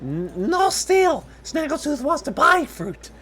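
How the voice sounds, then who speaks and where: A man's voice: very high-pitched, big pitch swings, slow pace, bright, forceful tone, pitched above the performer's own voice, heavily acted. A man voicing a timid, hungry male kobold who speaks of himself in broken third-person speech. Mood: timid pleading.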